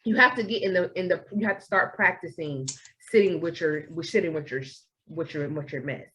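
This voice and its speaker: A young woman, co-hosting a podcast in casual chat, animated and acting out her own inner voice. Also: low-pitched, fairly quick, highs cut off. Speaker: podcast co-host.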